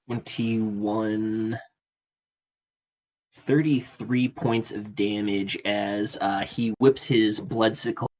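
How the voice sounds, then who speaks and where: A man running a tabletop game as game master, narrating casually and often pausing on fillers. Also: lowish voice, little pitch movement, darkish tone, rough recording. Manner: casual, halting, many fillers.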